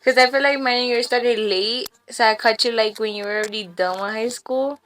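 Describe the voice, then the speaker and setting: Talking a little fast into a podcast mic in a small room, a young woman guest shares casual stories with lively slang, frequent swearing, and plenty of laughs. Her voice is bright and slightly high, and there's a bit of background noise.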